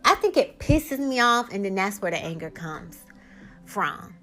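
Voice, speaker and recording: A woman's voice: mid-range voice, sing-song, unhurried, a bit bright. Female podcast host, solo monologue, candid and emphatic, faint music bed.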